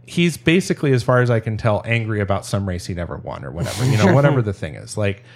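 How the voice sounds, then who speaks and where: A man's voice: on the low side, big pitch swings, quick pace. Rambling, laughing man telling a sailing story. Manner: rambling, self-interrupting, laughs often. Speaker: storyteller guest. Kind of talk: casual podcast storytelling.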